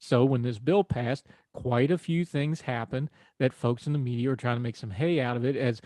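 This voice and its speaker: Man, talk radio host, folksy, dry studio sound, mid pitch. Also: steady tone, fairly quick, warm tone, dry recording. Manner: folksy, conversational, wry asides. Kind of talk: political talk radio monologue.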